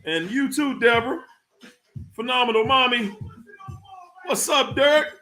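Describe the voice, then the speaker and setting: A man's voice: extremely high pitch, unhurried, pushed and bright, soft background music. A man hosting a livestream who greets viewers by name, hyped and whooping now and then. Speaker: livestream host. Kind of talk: live chat shout-outs.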